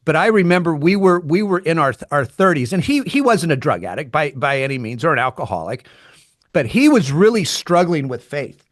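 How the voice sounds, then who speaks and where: A man co-hosting a podcast, responding with a halting, affirming retelling of a friend's story. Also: a little high, big pitch swings, no room sound, studio quality. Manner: halting, many restarts, affirming listener. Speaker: podcast co-host. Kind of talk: casual conversational response.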